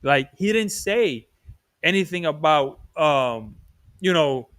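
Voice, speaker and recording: A man's voice: fairly high pitch, animated, slow, fairly bright tone, no echo, studio quality. A man hosting a boxing livestream, talking casually and with heat, switching back and forth between English and Spanish. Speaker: livestream boxing show host.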